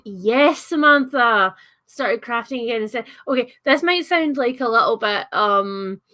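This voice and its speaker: A young Scottish woman hosts a relaxed livestream, chatting and answering comments as she goes. Her voice sits a little on the high side. She rambles freely, full of ums, asides and little laughs. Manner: chatty, giggly, lots of fillers and asides. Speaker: livestream host. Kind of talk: casual livestream chat, reading comments.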